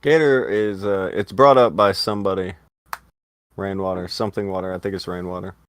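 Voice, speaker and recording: A man's voice: deep voice, steady tone, fairly quick, smooth, no room sound, clean studio sound. A man hosting a casual livestream commentary show, wry and needling, swearing casually as he riffs on online drama. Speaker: stream host.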